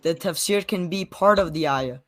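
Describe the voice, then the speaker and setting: A young man taking part in a live online debate, talking fast and defensively, often cutting in. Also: on the high side, a bit bright, no echo. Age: young adult. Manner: fast-talking, defensive, talks over the other. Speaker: debate guest.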